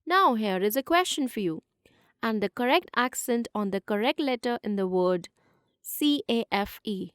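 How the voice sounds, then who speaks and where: A woman reading a scripted quiz question and channel outro for an online lesson video in an even, promotional tone. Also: a little high, normal speed, clean tone, no echo. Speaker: channel presenter.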